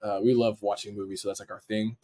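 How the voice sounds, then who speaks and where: A young man appears as a podcast guest, a dancer and editor, casually telling a story, acting out what people said and swearing now and then. His voice is fairly low and mellow, with little pitch movement, and he talks fast.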